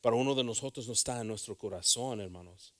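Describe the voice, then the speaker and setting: Preaching a bilingual sermon, a man with a medium-pitched voice races along, swinging from hushed asides to loud calls and repeating phrases.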